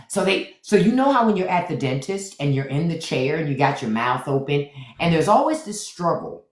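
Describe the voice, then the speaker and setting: A woman hosting a casual livestream from home, telling playful stories with excited outbursts, speaking. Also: low voice, roomy sound. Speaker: livestream host.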